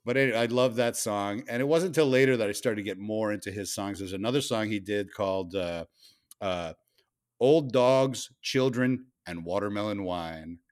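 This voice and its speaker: A man co-hosting a casual podcast chat, telling stories with animated bursts and frequent laughs. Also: lowish voice, moderate pace. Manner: storytelling, animated, laughs often. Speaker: podcast co-host.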